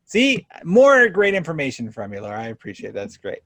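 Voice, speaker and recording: A man's voice: fairly high pitch, wildly swooping pitch, brisk, a bit bright, no room sound. A man hosting a podcast interview in a casual, upbeat and effusive way. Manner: upbeat and effusive, lots of praise. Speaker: podcast host.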